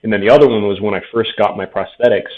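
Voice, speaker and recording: A man's voice: fairly low pitch, steady tone, fast talker, darkish tone. A man in his thirties, a veteran guest telling his story frankly in a casual interview, often quoting himself. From Tucson, Arizona. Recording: tinny phone-like audio.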